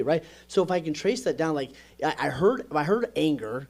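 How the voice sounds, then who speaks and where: An energetic man talking on a podcast, explaining ideas with frequent "right?" checks. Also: fairly high pitch, normal speed, vocal fry, few pauses. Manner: energetic, repeats "right?" often. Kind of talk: podcast conversation.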